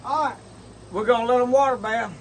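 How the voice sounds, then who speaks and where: A man's voice: extremely high pitch, a little fast, slight background noise. A man hosting a casual outdoors vlog, rambling in a folksy way and talking straight to his viewers. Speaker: outdoors channel host. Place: outdoors in a dry yard.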